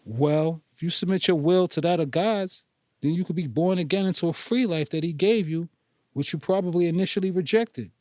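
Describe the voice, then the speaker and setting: A man's voice: a little high, brisk, darkish tone, no room sound, studio quality, pitched above the performer's own voice, close to an everyday voice. A man playing a cool, blunt young trainer. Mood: preaching. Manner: confident, nonchalant, blunt.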